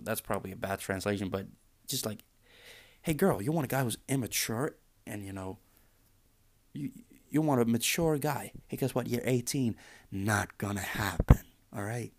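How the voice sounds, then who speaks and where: A man's voice: fairly low pitch, moderate pace. A man hosting a podcast, ranting casually in a sarcastic, exasperated way and swearing freely. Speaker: podcast host.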